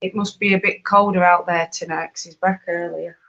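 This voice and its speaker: Woman, streamer answering chat, lowish voice, dull recording. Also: fairly even intonation, a little fast, fairly bright tone. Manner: chatty, reads out and answers viewer questions. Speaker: fibre craft live-streamer. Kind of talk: casual live-stream chat.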